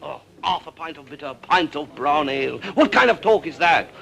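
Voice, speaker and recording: An actor with a French accent playing a jovial, exuberant wine broker and mayor in a 1960s TV drama. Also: male voice, on the high side, lively intonation, fairly quick, creaky, a bit bright. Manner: exuberant, theatrical, laughs often.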